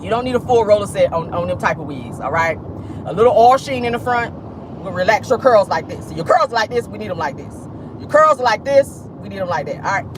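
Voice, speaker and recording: A woman's voice: mid-range voice, animated, fast, background noise. A woman with an African American Vernacular English accent hosting a casual livestream, talking bluntly and sassily and laughing often. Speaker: vlog host.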